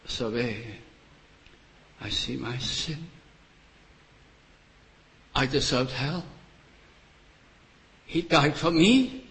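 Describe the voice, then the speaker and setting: An older man preaching a sermon, earnest and pleading, with long pauses between his short phrases. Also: mid-range voice, lively intonation, fairly bright tone, slight background noise, poor audio.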